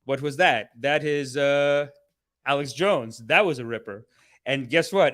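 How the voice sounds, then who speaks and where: A man hosting a casual live stream, rambling and swearing excitably, often laughing mid-sentence. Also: mid-range voice, moderate pace. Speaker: host.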